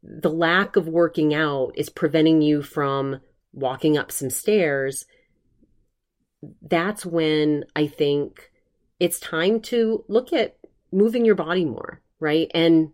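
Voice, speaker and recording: A woman's voice: low-pitched, slow pace, a little mellow. A woman hosting a solo podcast, talking earnestly and rambling with many restarts, emotional while recovering from covid. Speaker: podcast host.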